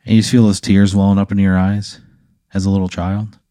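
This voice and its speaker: A man's voice: deep voice, flat delivery, fast, warm tone, no room sound, clean studio sound. A man hosting, telling an improvised hypothetical story in a laid-back, casual way with lots of filler words. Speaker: host.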